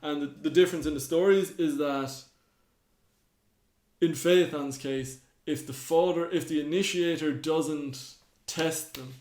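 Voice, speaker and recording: A man's voice: fairly high pitch, steady tone, measured pace, a little mellow. A man, co-hosting a podcast, casually retelling myths and acting out the characters' lines. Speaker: podcast co-host. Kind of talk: casual storytelling chat. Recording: roomy echo.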